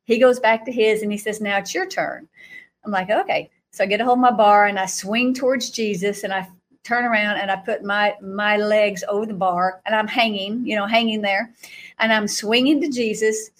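A woman guest speaker recounting a vision in animated storytelling, acting out quotes and laughing often. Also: medium pitch, a little fast.

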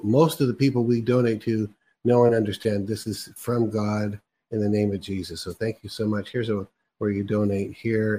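A man hosting an interview in a chatty way, quick to laugh. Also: fairly low pitch, a little mellow, a little hiss or hum. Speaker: host. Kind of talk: casual interview chat.

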